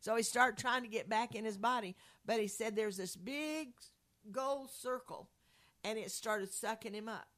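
A woman's voice: a little high, a little slow, fairly bright tone. A woman telling a religious testimony story to a group in an earnest, rambling conversational way, with frequent restarts. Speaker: speaker sharing a faith testimony.

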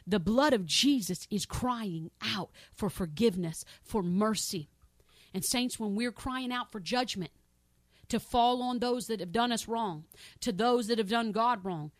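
A woman preaching a sermon with fervent, repetitive emphasis, swinging between loud exclamations and soft pleading prayer. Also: mid-range voice, moderate pace, dry recording. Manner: fervent, repetitive, addresses listeners as saints.

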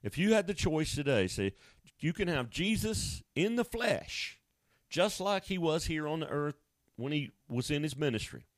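A man's voice: fairly high pitch, very animated, moderate pace, no room sound. Folksy conversational preacher man. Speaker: pastor. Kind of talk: sermon.

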